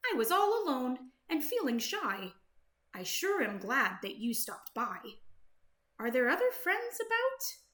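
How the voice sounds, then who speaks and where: A woman voicing a shy but excited little woodchuck in a storybook, eager and squealing with delight. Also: sits high, a little slow, echoey room, heavily acted.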